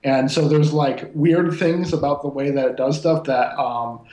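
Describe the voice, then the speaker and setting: A man's voice: on the high side, fairly even intonation, unhurried, mellow. A man on a podcast panel explaining in a loose, filler-heavy way. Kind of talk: casual technical discussion. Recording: roomy with faint noise.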